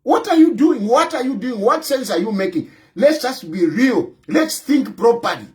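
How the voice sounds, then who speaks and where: A man's voice: very high-pitched, very animated, normal speed, rough recording. Combative Zambian man scolding rivals. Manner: combative, scolding, repeats points for emphasis. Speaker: opposition party president. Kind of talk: impassioned political commentary.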